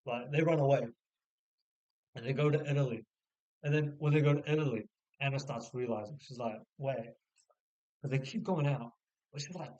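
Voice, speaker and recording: A man casually summarizing a novel, rambling with many filler words and restarts, sometimes putting on quick voices for the characters. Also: mid-range voice, a little mellow, muffled recording. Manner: slips into short mock voices for the characters. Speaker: book reviewer. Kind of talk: casual spoken book summary.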